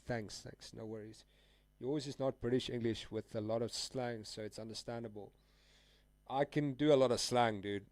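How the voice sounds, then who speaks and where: A man hosting a live trading stream in a loose, slang-heavy way, speaking straight to his viewers. His voice is mid-range in pitch. The sound is dry, with little room around it. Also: fairly even intonation, moderate pace, darkish tone, no room sound. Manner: casual, slangy, addresses viewers as guys and dude.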